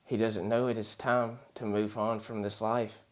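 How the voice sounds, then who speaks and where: A man voicing a short woman medium who explains a spirit's feelings in a calm, measured, somber way. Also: on the low side, natural voice.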